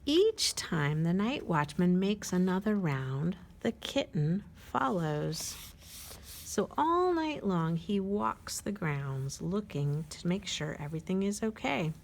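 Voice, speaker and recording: A woman at a library storytime, reading a picture book aloud to children, gently asking them questions and dropping to a whisper at quiet moments. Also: fairly low pitch, sing-song, vocal fry, a little hiss or hum. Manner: slow and gentle, pausing to ask young listeners questions.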